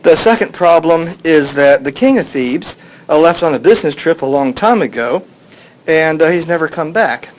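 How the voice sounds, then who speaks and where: A man's voice: fairly high pitch, expressive, normal speed, low-quality recording. Casual male teacher telling a story. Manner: rambling, with fillers, playing voices in quotes.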